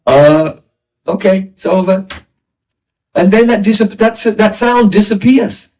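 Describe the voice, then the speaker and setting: A high-pitched man teaches philosophy at an unhurried pace, working through each point patiently and stopping to pose questions to his listeners. His voice sounds distant, picked up from well away from the microphone. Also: darkish tone. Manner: explanatory, asks rhetorical questions. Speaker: spiritual teacher. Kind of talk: philosophy lecture. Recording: voice distant from the mic.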